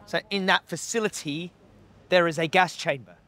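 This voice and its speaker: A high-pitched man with a bright, cutting voice, heckling workers and passers-by outside a slaughterhouse. He talks bluntly and swears freely as he argues. The sound comes from a handheld camera out on the street. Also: moderate pace, a little hiss or hum. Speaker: animal rights activist. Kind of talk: confrontational street activism. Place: outdoors by a slaughterhouse.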